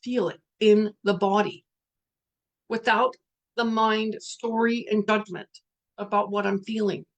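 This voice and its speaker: A woman's voice: mid-range voice, level tone, unhurried. A middle-aged woman leading a reflective spiritual talk, speaking candidly and earnestly, sometimes swearing. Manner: candid, earnest, swears, reads out participants' messages. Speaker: workshop facilitator.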